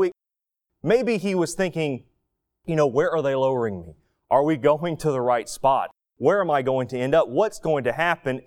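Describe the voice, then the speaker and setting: A man preaching a sermon, retelling a scripture story in an animated way. He acts out the quoted lines and adds everyday asides. His voice sits fairly high and swings widely in pitch.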